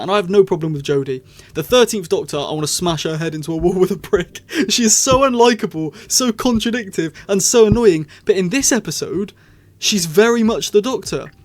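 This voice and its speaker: A man giving a casual, rambling spoken review, opinionated and full of restarts and quick laughs. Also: on the high side. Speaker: show reviewer.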